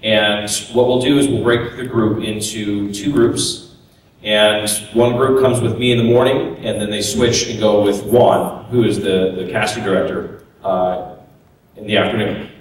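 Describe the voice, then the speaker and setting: A man's voice: fairly low pitch, steady tone, measured pace. A man, a voice actor and workshop teacher, explaining things casually on a convention panel. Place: large convention room. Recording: echoey hall recording from far off.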